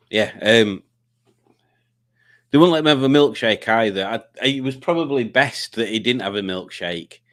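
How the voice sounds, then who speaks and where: A man's voice: medium pitch, a bit bright. Rambling man hosting a live quiz stream. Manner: rambling, stumbling restarts, teasing. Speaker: livestream host. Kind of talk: casual chat reading comments.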